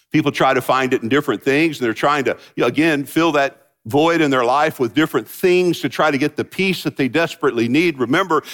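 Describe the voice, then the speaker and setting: A man's voice: medium pitch, fairly bright tone. A man preaching a sermon in a conversational way, with joking asides. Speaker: pastor.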